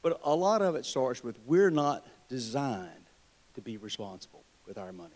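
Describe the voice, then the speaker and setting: A man's voice: medium pitch, very animated, normal speed, a little mellow. A man with a Southern US accent, a state treasurer giving a convention speech, telling wry, joking stories in a folksy way. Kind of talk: political speech with folksy storytelling. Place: convention hall.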